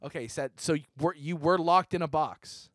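A man's voice: a little high, a bit bright, no echo, clean studio sound. A man co-hosting a comedy podcast, bantering casually in an exasperated, rambling way. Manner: exasperated, rambling, quick jokes. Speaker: podcast co-host.

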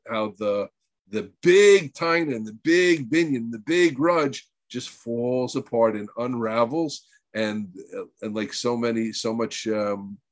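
A man's voice: fairly low pitch, no echo. A man teaching a weekly group session in an earnest, emphatic way, rambling with restarts and using Hebrew terms. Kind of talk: informal spiritual talk.

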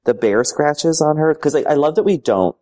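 A man co-hosting a podcast in casual chat, wry and deadpan with dry jokes. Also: a little high, moderate pace. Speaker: podcast co-host.

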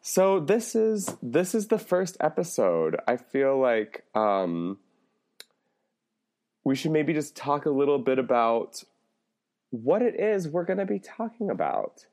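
Animated giggly male podcast co-host. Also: fairly high pitch, takes it slowly. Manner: lively, giggly, trailing um's. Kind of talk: casual banter.

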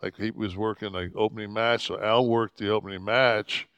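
Gravelly low-voiced older guy rambling through a road story, swears a lot, dry close mic. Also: normal speed, dry recording, dull audio. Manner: profane, rambling, animated quoting of others. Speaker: podcast host telling a wrestling road story. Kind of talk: casual storytelling.

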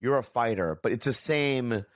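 Lively-voiced man, eager listener. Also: mid-range voice, normal speed, no echo, clean studio sound. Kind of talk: casual chat.

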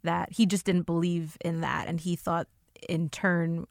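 A woman with a low-ish voice explains her point steadily and earnestly in a casual group talk. She is recorded dry and close to the mic. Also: flat delivery, measured pace, vocal fry, no echo. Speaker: panelist.

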